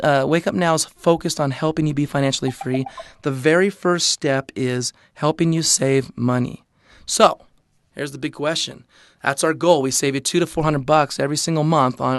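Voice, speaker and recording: A man pitching in an upbeat, salesy way during a webinar, voice sitting a little high for a man. The sound is dry and close, with no room around it. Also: no room sound. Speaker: network marketing presenter.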